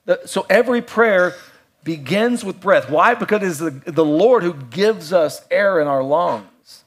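A middle-aged man with a voice pitched a little above most men preaches in a loose, conversational way. He mixes playful asides with hushed, reflective stretches. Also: expressive, measured pace. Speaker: pastor. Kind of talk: sermon.

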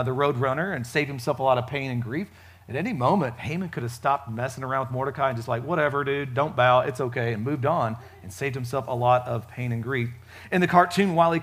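A man preaching a casual sermon at a church service, chatty and joking, with frequent fillers and lively swings in loudness. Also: medium pitch. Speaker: pastor.

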